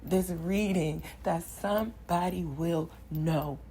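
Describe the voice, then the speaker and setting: A woman's voice: lowish voice, slow, dark tone, a little hiss or hum, low-quality recording. A young woman doing a channeled tarot reading, preaching affirmations with passion and sighing between lines. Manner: impassioned, preachy, repetitive affirmations. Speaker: spiritual card reader.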